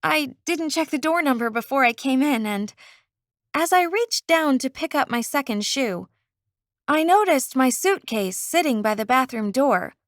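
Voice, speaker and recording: Expressive woman narrating an audiobook. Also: high-pitched, no echo, studio quality. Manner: expressive, unhurried. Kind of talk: first-person audiobook narration.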